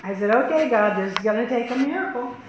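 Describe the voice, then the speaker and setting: A woman tells a personal story to an audience in a fairly high voice, acting out what each person said with changes in pitch and pace. The recording is very echoey, with faint background noise. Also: fast. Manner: animated, acts out quotes with shifts in pitch and pace. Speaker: speaker telling personal stories.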